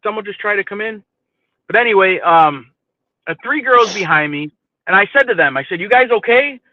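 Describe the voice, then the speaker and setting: Guy with a higher voice telling a story, swears a lot, sounds thin like it's over a phone. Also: a little fast, no echo, phone-quality sound. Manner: profane, animated, keeps asking "you know what I mean". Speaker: podcast host telling a story. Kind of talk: casual storytelling chat.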